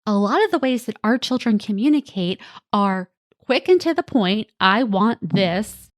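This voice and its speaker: A woman's voice: fairly high pitch, big pitch swings, moderate pace, a little mellow, no echo. Woman coaching parents, dry close mic. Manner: coaching, reassuring, acts out quotes from kids and parents. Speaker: podcast host and parenting coach. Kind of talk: solo podcast talk.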